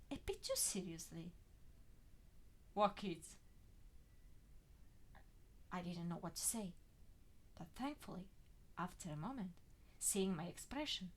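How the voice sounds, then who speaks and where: A woman expressively reading a first-person fan fiction story aloud. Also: mid-range voice. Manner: expressive, swinging emphasis.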